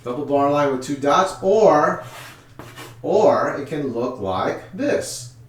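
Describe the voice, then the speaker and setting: Guy teaching little kids music, upbeat chanty delivery, kinda high voice, room echo. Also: expressive, slow, distant mic, a little hiss or hum. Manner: upbeat, coaxing, counts in and chants call-and-response. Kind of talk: children's music lesson. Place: room with chalkboards. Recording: echoey room.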